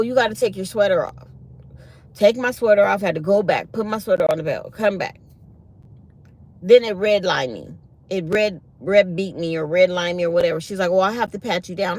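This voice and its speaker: A woman's voice: mid-range voice, no echo. A middle-aged woman hosts her own channel and chats casually with her viewers. She tells a story with mounting exasperation and acts out every back-and-forth in the quoted voices. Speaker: channel host.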